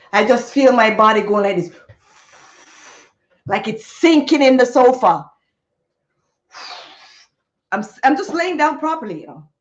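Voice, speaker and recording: Woman host, high voice, unhurried, animated storyteller on a dull lo-fi stream. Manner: animated and expressive, with sound effects. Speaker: livestream host. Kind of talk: casual storytelling to a live chat.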